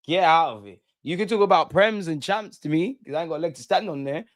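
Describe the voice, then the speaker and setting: Ranting with heat and repeating lines to drive points home, a young fan channel host runs a live stream. He talks fast in an expressive, somewhat high voice, and the studio-quality recording has no room sound.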